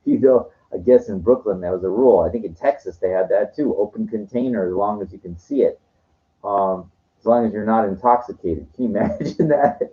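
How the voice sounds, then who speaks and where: Telling meandering stories in a relaxed monologue, a male vlogger talks fairly quickly with a fairly low voice and curses now and then. It's a dull, lo-fi recording.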